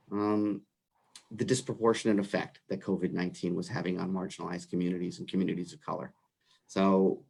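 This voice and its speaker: Casting: man with a New York accent, low voice, earnest commission director explaining at length. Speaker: human rights commission director. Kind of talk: livestream discussion.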